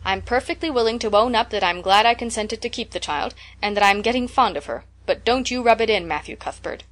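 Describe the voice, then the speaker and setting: Woman narrator playing a strict, practical older spinster; brisk, dry scolding, audiobook. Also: a little high, fairly bright tone, lightly acted. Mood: stern.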